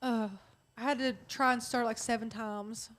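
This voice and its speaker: Brief: high-pitched woman, chatty livestream co-host, reads out viewer comments. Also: steady tone, normal speed, a bit bright. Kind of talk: casual chat on a craft livestream.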